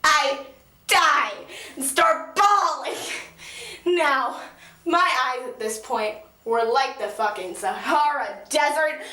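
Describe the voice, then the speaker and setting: A teenage girl vlogging in an excitable, gushing way, swearing casually while she tells a story and does her makeup. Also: sits high, slow pace. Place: small echoey room at a mirror. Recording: echoey room.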